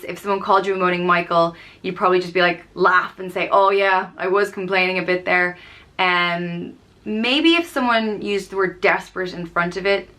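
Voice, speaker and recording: This woman from Ireland, a vlogger in her thirties, has a mid-range voice that sounds pushed and bright. Chatting casually, she explains phrases using playful example lines and plenty of ums.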